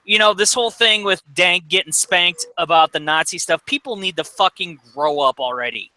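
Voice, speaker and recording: A man's voice: high voice, moderate pace, sharp tone, low-quality recording. A man in a casual live stream chat, ranting bluntly and profanely.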